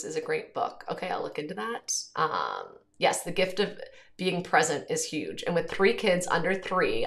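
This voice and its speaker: A woman in her thirties with a deep, slightly bright voice hosts a livestream. She reads viewer comments aloud and rambles about them, with frequent ums and self-corrections.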